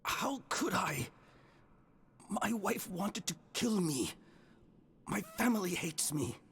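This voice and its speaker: Game role: a weary judge, breathy and husky, anguished. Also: male voice, high-pitched, lively intonation, slow, fairly bright tone, exaggerated voice. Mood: desperate. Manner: anguished and pleading. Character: troubled male judge, weary and desperate.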